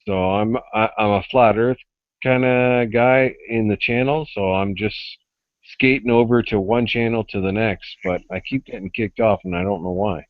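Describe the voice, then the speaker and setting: A man's voice: fairly low pitch, fairly even intonation, normal speed, dry recording. A man joining a group video call who rambles and searches for his words. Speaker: caller joining the panel. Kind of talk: casual chat on a group call. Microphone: online video call. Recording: dull, dry lo-fi call audio.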